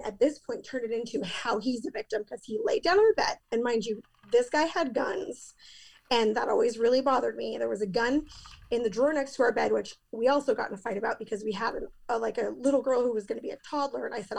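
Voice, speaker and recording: A woman's voice: fairly high pitch, fairly quick, gravelly, slightly rough. A woman in her thirties, a podcast guest, telling a painful personal story in a candid, emphatic way.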